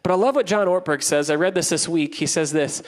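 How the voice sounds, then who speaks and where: A young man preaching a sermon as a pastor, telling stories with playful, animated asides. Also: on the high side, fairly quick. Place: church auditorium. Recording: long church hall reverb.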